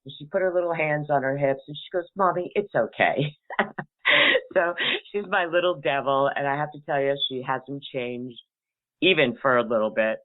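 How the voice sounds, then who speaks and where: A woman's voice: low-pitched, normal speed. A middle-aged woman hosting a call-in talk show, telling a family story in a chatty way and laughing between sentences. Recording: tinny phone-like sound.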